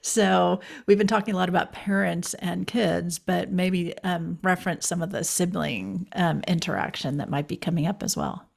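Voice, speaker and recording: A woman's voice: fairly low pitch, moderate pace, gravelly, hardly any pauses. A woman moderating an online talk, friendly and loose, often adding "right?" and fillers. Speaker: webinar moderator.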